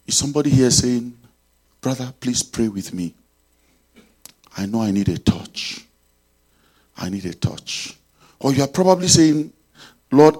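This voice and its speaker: A man preaching a sermon, telling a story and leading prayer, swinging between loud and soft. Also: medium pitch, slightly rough.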